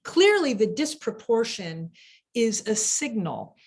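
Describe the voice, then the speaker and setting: Slow, reflective woman discussing a book. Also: on the high side, big pitch swings, darkish tone, slightly rough. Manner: reflective, searching for words with fillers. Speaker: conversation partner at a book event. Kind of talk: thoughtful literary discussion. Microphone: video call.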